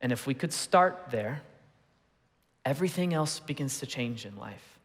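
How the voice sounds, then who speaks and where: A man's voice: medium pitch, lively intonation, moderate pace, a bit bright, long reverb tail. A man in his thirties preaching a sermon as pastor, telling a family story conversationally with rhetorical questions. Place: church auditorium.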